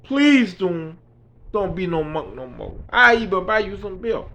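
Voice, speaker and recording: A man voicing a young male college friend who pleads in a high, tearful voice. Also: sing-song, measured pace, bright, forceful tone, heavily acted. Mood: pleading.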